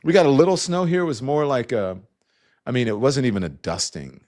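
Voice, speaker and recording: A man's voice: medium pitch, sing-song, a little fast, a little mellow. A middle-aged man hosting a live online news talk show, loose and conversational, greeting viewers and breaking off to talk to his staff. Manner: loose and conversational, with frequent restarts and asides to staff. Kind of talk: live-stream news commentary with viewer shout-outs.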